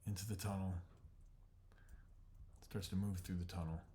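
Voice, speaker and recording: A man narrating an animated storyboard pitch in terse present tense, shot by shot, dropping into voices. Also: moderate pace, a little hiss or hum. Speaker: storyboard artist.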